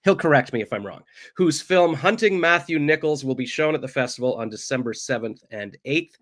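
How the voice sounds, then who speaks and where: A man's voice: mid-range voice, animated, fairly quick, a bit bright. A man hosting an entertainment interview show, chatting casually in a jokey, self-deprecating way that rambles off topic. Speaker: host.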